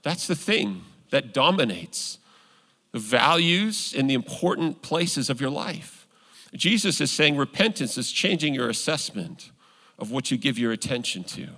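A man's voice: medium pitch, very animated, unhurried, bright, forceful tone. A man preaching a sermon as pastor, earnest and conversational, building to emphatic points. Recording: long hall reverb.

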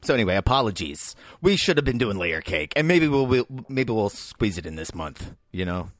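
A man's voice: on the low side, sing-song, normal speed, dry recording, studio quality. A man co-hosting a film podcast, rambling and laughing in casual chat. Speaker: podcast co-host.

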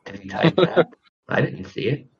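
A man playing a tabletop game with friends over voice chat. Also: moderate pace. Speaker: player. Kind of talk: casual voice chat. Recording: dull lo-fi voice chat.

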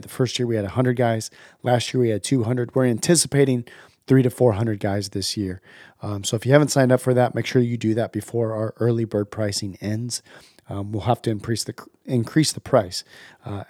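A man hosting a podcast with a hoarse, worn-out voice, eagerly making casual announcements. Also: lowish voice, a little mellow, no echo, studio quality. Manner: eager, promotional. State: hoarse, lost voice from illness. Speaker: podcast host.

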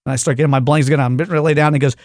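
Male podcast host, fast comic storyteller, slightly high voice, dry studio sound. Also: no room sound. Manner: animated storyteller, acts out yelling at devices. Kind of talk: casual chat, comic storytelling.

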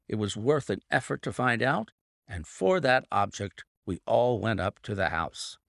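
A man reading Sherlock Holmes, low and gravelly. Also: expressive, unhurried, a bit bright, no room sound, clean studio sound, full character voice. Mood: explaining. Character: Sherlock Holmes, brilliant male detective explaining. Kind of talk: audiobook reading.

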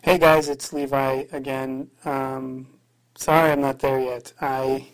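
A man's voice: medium pitch, level tone, slow, low-quality recording. A man host leaving a rambling, hesitant voice message for his show, full of fillers and restarts.

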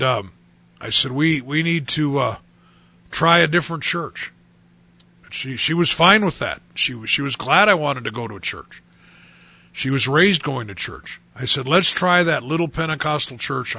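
A man in his sixties, a pastor telling his personal testimony in a halting way, often repeating words and restarting. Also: mid-range voice, creaky, sharp tone, no room sound.

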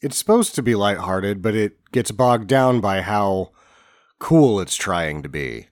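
A man's voice: on the low side, animated, unhurried, dry recording, clean studio sound. A man co-hosting a casual movie review chat, wryly recapping scenes and jumping into mock voices. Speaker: podcast co-host.

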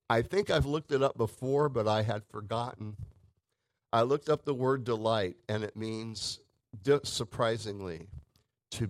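A man's voice: on the low side, no room sound, low-quality recording. Conversational male preacher, dry close sound. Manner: conversational, emphatic swings in loudness. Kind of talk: sermon.

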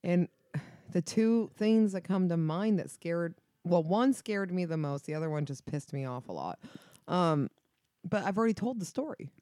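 A woman's voice: lowish voice, expressive, normal speed, mellow, no room sound, studio quality. A woman chatting casually in a frank, matter-of-fact way. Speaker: conversation partner. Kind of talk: casual chat.

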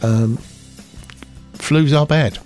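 A man's voice: fairly high pitch, very slow, a little mellow, faint music behind. A man co-hosting a casual chat show, talking in a chatty, rambling way. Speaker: co-host.

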